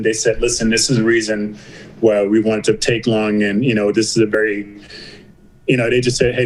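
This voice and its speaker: A man's voice: on the low side, low-quality recording. Middle-aged man recounting a story in quoted dialogue. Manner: retells dialogue with doctors in quoted back-and-forth. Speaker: podcast guest. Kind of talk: candid conversational storytelling.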